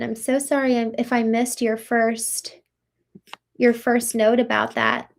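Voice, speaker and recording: A woman's voice: fairly high pitch, little pitch movement, measured pace. A woman from Maryland hosting a live show, talking through chat comments in an effusive, reflective way with lots of fillers and restarts. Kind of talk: live-stream talk answering chat comments.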